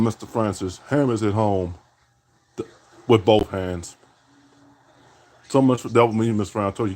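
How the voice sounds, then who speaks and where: A man with a lowish, darkish voice plays a basketball video game, narrating his own plays as he goes. He trash-talks and teases his opponent, leaning hard on catchphrases and repeating "indeed" again and again.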